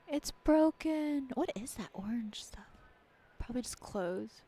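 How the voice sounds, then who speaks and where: A woman's voice: high voice, lively intonation, slow, a little mellow. A woman co-hosting a live stream, greeting viewers by name in a bubbly, chatty way. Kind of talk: casual live-stream chat.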